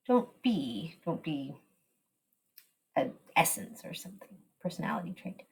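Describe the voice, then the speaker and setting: Slow, lively breathy woman teacher. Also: fairly low pitch. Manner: explains slowly, switching between Spanish and English. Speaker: Spanish teacher. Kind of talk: recorded slide lesson.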